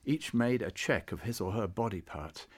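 A man's voice: lowish voice, animated, moderate pace. Man narrating a storybook.

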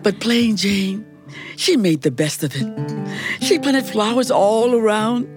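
A woman's voice: medium pitch, a little slow, over music. A woman telling a fractured fairy tale live, playful and chatty with her listeners. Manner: playful, animated, chatty with the audience. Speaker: storyteller. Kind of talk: live storytelling performance.

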